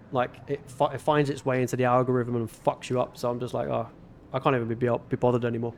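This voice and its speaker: A man with a northern English accent talks to his viewers during a gaming livestream, loose and rambling, thanking people as he goes. His voice has a gravelly rasp at its base, and a faint hum of room noise sits behind him. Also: mid-range voice. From northern England. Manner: laid-back, rambling, thanks viewers often. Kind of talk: casual chat reading viewer messages while gaming.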